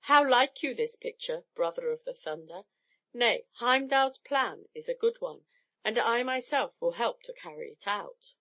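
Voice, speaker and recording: A woman's voice: medium pitch, animated, unhurried, a bit bright, lo-fi sound. A woman voicing a sly, spiteful male trickster god who speaks with mocking, false politeness in a storybook tale. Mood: scheming.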